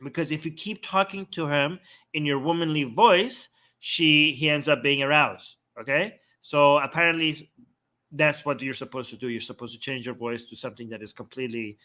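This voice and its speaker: A man from Iran, co-hosting a casual live-stream chat and telling stories with animated acted-out quotes. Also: on the high side, normal speed. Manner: animated storytelling, laughs often, acts out quoted voices. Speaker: co-host.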